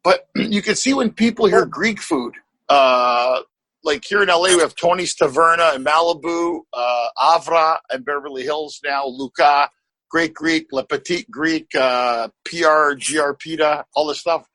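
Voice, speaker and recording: High, husky middle-aged host, dry sound. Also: male voice, unhurried, dry recording, rough recording. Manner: animated, rambling talker who swears and laughs. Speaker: podcast host. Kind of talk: casual podcast conversation.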